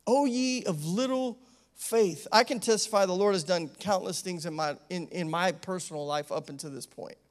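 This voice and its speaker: A man, an associate pastor, preaching a sermon in a conversational, animated way, with frequent asides and calls of amen. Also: high voice, a little fast, few pauses. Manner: animated, acts out the disciples' pleading.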